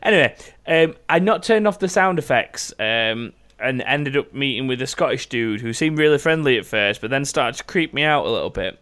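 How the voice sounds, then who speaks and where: A man's voice: mid-range voice, lively intonation, moderate pace, hardly any pauses, fairly bright tone. A man hosting a podcast, reading out listener stories in a rambling, jokey way and swearing freely. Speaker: podcast host.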